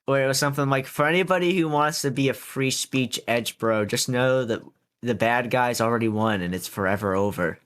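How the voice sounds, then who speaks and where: A man's voice: mid-range voice, fairly quick, fairly bright tone. A young man on a podcast, talking in a rambling, casual way with lots of filler words and swearing. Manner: rambling, filler-heavy and profane. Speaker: podcast co-host.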